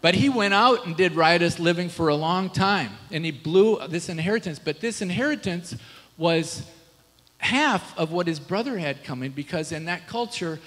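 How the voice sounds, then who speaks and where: A man's voice: high-pitched, lively intonation, normal speed, a bit bright. Man preaching in a reverberant church. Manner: conversational preaching with rhetorical questions to the congregation. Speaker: pastor. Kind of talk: sermon. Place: church sanctuary.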